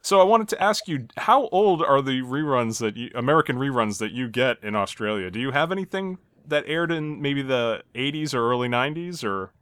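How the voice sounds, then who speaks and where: A man's voice: mid-range voice, expressive, a little fast, few pauses, a bit bright, clear, resonant tone. A man hosting a casual podcast, narrating an episode's plot step by step and chuckling at the gags. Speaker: podcast host. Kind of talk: casual episode recap chat.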